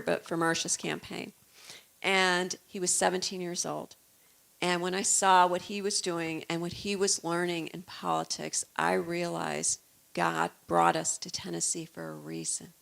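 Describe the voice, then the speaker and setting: A woman's voice: fairly low pitch, gravelly, fairly bright tone. A woman in her fifties from the Chicago suburbs, telling stories in an earnest, chatty way as a guest author. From United States, Chicago suburbs. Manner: chatty, earnest, proud mother. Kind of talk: casual storytelling talk.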